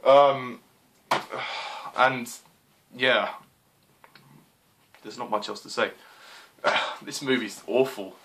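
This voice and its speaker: A man's voice: mid-range voice, extremely slow, pauses often, noisy background. A young man reviewing a film in a frustrated, exclaiming rant, swearing and apologizing as he goes. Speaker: movie reviewer. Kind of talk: exasperated movie rant.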